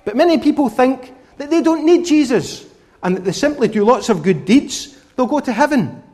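A man with a very high-pitched voice preaches a children's sermon at a moderate pace. He is animated, asking the children questions directly and coaxing answers from them.

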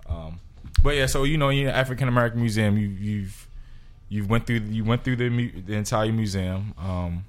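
A man hosting a podcast who asks questions by building long, playful, animated scenarios. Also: fairly low pitch, normal speed. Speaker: podcast host asking questions. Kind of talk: casual podcast chat.

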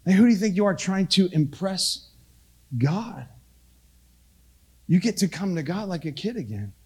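A middle-aged male pastor giving a conversational sermon, casual and self-deprecating, swinging between hushed and loud delivery. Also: sits high, lively intonation, normal speed, breathy edge.

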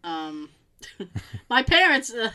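A woman's voice: on the high side, very animated, extremely slow, sharp tone. A middle-aged woman co-hosting a casual chat, telling profane family stories with a lot of cursing. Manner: profane, storytelling, imitates family in quotes. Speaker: podcast co-host.

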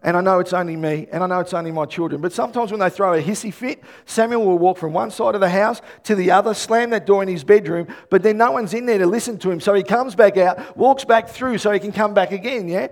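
A male pastor preaching an animated sermon, telling stories and rising to loud bursts. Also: high-pitched, fast talker, hardly any pauses.

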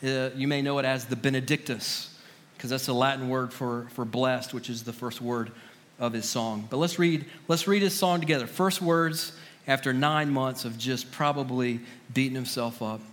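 A man's voice: mid-range voice, normal speed, fairly bright tone. A man preaching a sermon as pastor, in a casual, conversational way with slangy asides. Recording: long reverb of a large hall.

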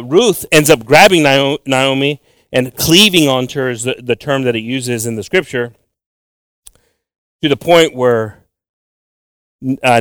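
A young man teaching from the Bible with animated emphasis, switching between English and Spanish and repeating words as he goes. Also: medium pitch, clean tone, no echo. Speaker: preacher.

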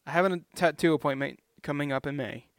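A man's voice: a little high, fast, no room sound, clean studio sound. A young man vlogging in a casual, rambling way, chatty and self-deprecating.

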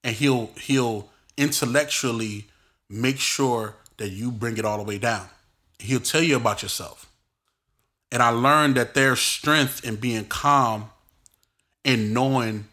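Animated man telling stories, bright voice. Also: medium pitch. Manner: animated, expressive storyteller; colloquial street slang. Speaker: podcast host. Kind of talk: casual solo podcast storytelling.

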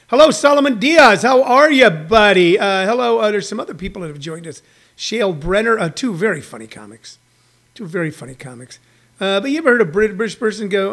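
Brief: stand-up comedian hosting a casual livestream, high-pitched for a man, rambling riffs. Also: lively intonation, fast talker, a bit bright. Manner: riffing, rambling, with frequent fillers and put-on voices.

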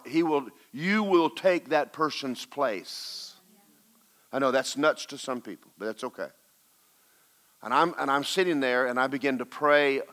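A man preaching a sermon as a pastor, telling a personal story and swinging between loud, urgent exhortation and hushed, quiet recounting. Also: mid-range voice.

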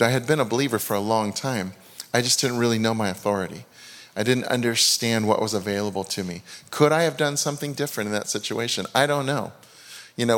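Earnest preacher in a reverberant hall. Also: male voice, on the low side, a bit bright. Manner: earnest, confessional, with many restarts and quoted asides. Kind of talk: sermon with personal testimony.

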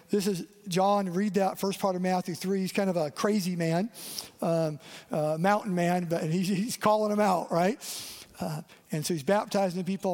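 A man's voice: high voice, darkish tone. A man, a lead pastor, delivering a conversational sermon and asking his listeners questions. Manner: conversational, asks the audience questions. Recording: long reverb of a church hall.

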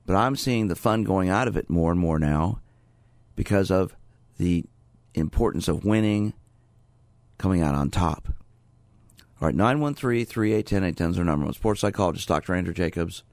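Man, radio host, very low voice, gravelly, conversational, studio mic. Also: no echo. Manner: conversational, steady, repeats call-in details. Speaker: radio host, sports psychologist. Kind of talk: radio call-in show talk.

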